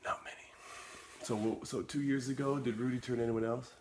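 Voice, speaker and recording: A man's voice: mid-range voice, fairly even intonation, a little fast, darkish tone, a little hiss or hum. A middle-aged man telling his own story casually in a rambling way, repeating words and quoting his old messages. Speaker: vlogger.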